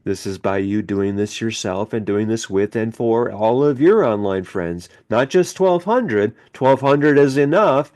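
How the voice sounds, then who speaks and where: A man's voice: mid-range voice, a little mellow. A middle-aged man hosting a motivational self-help podcast, preaching emphatically and leading listeners in chanted mantras. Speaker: podcast host.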